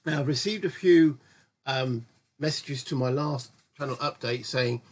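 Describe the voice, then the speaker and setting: A man with a husky, slightly rough voice hosts his own channel and talks through a solo board game session. He chats in a rambling, easygoing way and corrects himself as he goes. He is recorded at home on a desk mic. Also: medium pitch, a little fast. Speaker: host of a gaming channel. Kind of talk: casual solo board game let's-play commentary.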